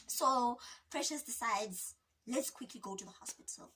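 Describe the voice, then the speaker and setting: Bright, high-voiced South African woman. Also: measured pace. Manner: dramatic, expressive, acts out quotes with sudden pitch jumps. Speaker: YouTuber. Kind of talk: animated storytime vlog. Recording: voice a bit distant from the mic.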